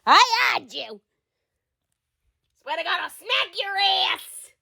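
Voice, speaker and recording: A woman's voice: extremely high pitch, big pitch swings, sharp tone, exaggerated voice. A woman voicing a stubborn older chain-smoking woman who grumbles, coughs and gets touchy in a comedy skit. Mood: grumbling. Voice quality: gravelly, coughing smoker's voice. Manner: slow, grumbling and defensive.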